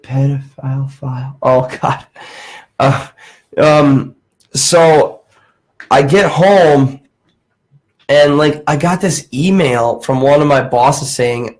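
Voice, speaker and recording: Young male podcast host, average pitch, lively casual storyteller who acts out quoted voices. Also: takes it slowly, low-quality recording.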